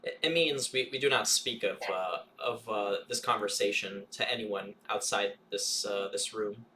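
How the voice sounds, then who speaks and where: A man's voice: lowish voice, normal speed, pushed and bright, slight background noise. Hesitant man playing a tabletop game. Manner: hesitant, lots of uh fillers. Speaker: player. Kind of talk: in-character tabletop play.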